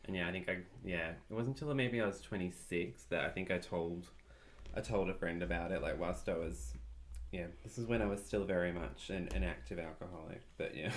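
A podcast co-host talking casually in a soft, halting way, with small laughs between thoughts. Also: low voice, a little hiss or hum. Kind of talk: casual chat.

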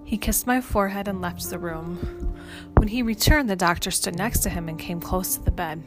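Woman reading a story in first person, lowish voice, steady, music playing under. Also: moderate pace. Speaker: story narrator. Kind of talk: scripted first-person narration.

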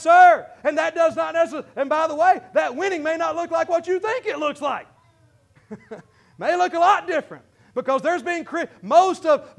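A pastor with a Midwestern American accent preaching a fervent sermon, often breaking into shouts and calling out to his congregation. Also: very high voice, vocal fry.

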